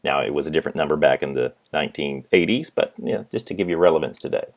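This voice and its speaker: A middle-aged man giving a business lecture as a professor, telling stories in an animated way and acting out the people in them. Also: a bass voice, quick pace, creaky. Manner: animated storytelling, acts out his father. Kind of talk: recorded lecture.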